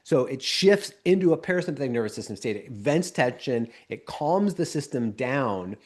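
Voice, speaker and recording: A man co-hosting a podcast as a somatic coach, explaining calmly and often checking in with "right?". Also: medium pitch, moderate pace.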